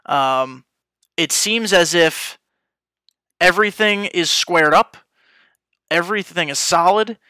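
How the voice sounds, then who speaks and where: Bright, crisp-voiced man hosting a podcast. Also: sits high, slow, pauses often, no room sound. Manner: chatty, off the cuff, frequent fillers. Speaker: podcast host. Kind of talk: casual podcast chat. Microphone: headphones and studio mic.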